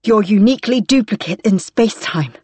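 Woman putting on a desperate fugitive woman, rasping and hissed, tense and defiant, close dry sound. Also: medium pitch, lively intonation, a little fast, darkish tone, no room sound. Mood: hissing. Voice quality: rasping, hissing.

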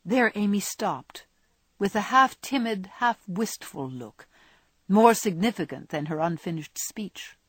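A woman narrating a classic novel as an audiobook, measured and expressive. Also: fairly low pitch, dry recording.

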